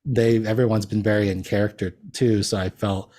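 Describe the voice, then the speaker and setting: A man's voice: fairly low pitch, steady tone, moderate pace, warm tone. A man talking as a podcast guest in casual chat. He rambles, uses many fillers and laughs often.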